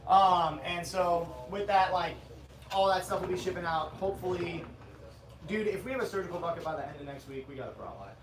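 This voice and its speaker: A man's voice: sits high, brisk, reverberant, noisy background. A man co-hosting a company livestream, chatting loosely with viewers and joking with his co-host. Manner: loose, joking, talks to chat, says dude. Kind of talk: casual livestream chat.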